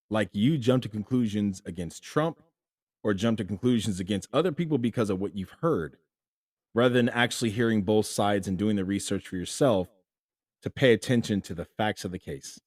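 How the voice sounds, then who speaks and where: Animated male commentary host, dry sound. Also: dry recording. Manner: animated, rising to emphatic highs, quoting imagined people. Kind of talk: opinion commentary monologue.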